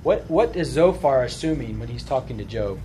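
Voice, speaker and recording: A man's voice: medium pitch, expressive, moderate pace, warm tone, slight background noise. A man leading a Bible study, explaining informally and often checking in with a rhetorical "right?". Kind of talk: conversational Bible study lesson.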